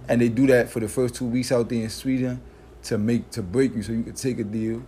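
A man's voice: medium pitch, little pitch movement, brisk, mellow, slight background noise. A man co-hosting a podcast, talking loosely and joking in heavy slang. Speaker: podcast co-host. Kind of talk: casual podcast banter.

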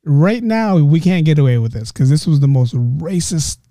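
Man, podcast host, casual storytelling, laughs a lot, mellow tone, dry close sound. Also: a little high, moderate pace, no echo. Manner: laughing storyteller, animated asides.

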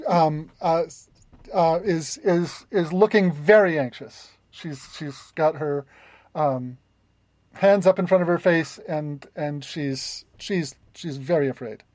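A woman's voice: low-pitched, slow, a little mellow, dry recording. A woman running a tabletop game as game master, narrating with many stops and restarts. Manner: hesitant, many restarts and fillers.

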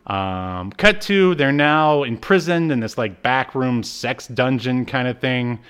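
A man's voice: mid-range voice, animated, slow, a bit bright, clean tone. A man casually recapping a show episode on a podcast, laughing as he retells it and acting out the characters' lines. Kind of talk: casual chat.

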